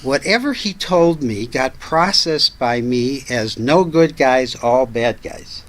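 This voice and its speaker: A man's voice: medium pitch, animated, takes it slowly, a bit bright, rough recording. An older man, a guest on a talk show, telling family stories in a chatty, anecdotal way and laughing as he goes. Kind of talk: casual storytelling chat.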